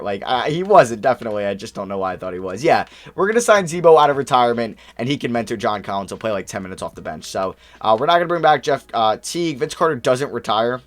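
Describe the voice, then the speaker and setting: A young man talks through a video game in casual commentary, his pitch swinging widely between flat musing and sudden excited jumps. He thinks aloud, reacts quickly, and keeps an easy, chatty flow at a desk mic. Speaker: gaming YouTuber.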